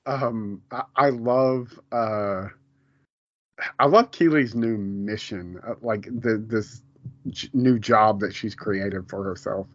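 A man's voice: fairly low pitch, takes it slowly, dry recording. Rambling man co-hosting a podcast. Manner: rambling, many fillers and restarts, laughs often. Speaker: podcast co-host. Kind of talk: casual chat about a TV episode. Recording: dull, lo-fi home podcast audio.

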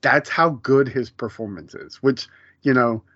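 A man's voice: medium pitch, measured pace, fairly bright tone, slightly rough, no room sound, muffled recording. A man co-hosting a podcast, chatting casually in a rambling way with many fillers and restarts. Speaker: podcast co-host. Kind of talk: casual chat.

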